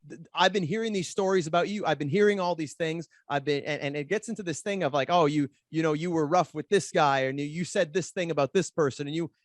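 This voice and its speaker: A man and podcast guest telling a story in an animated way, fast and with many restarts as he acts out quoted arguments. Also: a little high, dry recording, clean studio sound. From Canada. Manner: rapid, repeats words while acting out quoted arguments. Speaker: podcast guest, pro wrestler.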